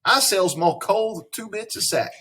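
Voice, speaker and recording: Man playing a coal seller, sing-song street cry, husky, high. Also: measured pace, bright, forceful tone, exaggerated voice. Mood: hawking.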